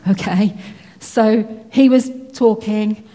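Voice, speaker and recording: A woman's voice: medium pitch, slow pace, mellow. A woman telling a personal faith story in a chatty way, with lots of fillers and restarts. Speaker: Christian speaker. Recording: hall with long reverb.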